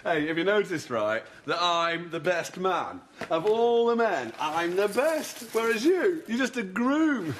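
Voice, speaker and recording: A man's voice: high-pitched, very animated, measured pace, hardly any pauses, a little hiss or hum, full character voice. An actor playing a goofy best man, rambling from one silly joke to the next in a sitcom. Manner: jokey, rambling, goofy asides. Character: clownish, rambling male best man, young adult. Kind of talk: sitcom acting. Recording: TV sitcom recording with loud audience laughter.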